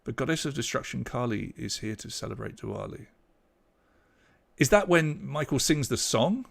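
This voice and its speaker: A man's voice: medium pitch, lively intonation, normal speed, vocal fry. A young British man hosting an online pub quiz, chatty and loose, reading out scores and names and trailing off when a name escapes him. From Britain. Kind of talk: live-streamed quiz hosting.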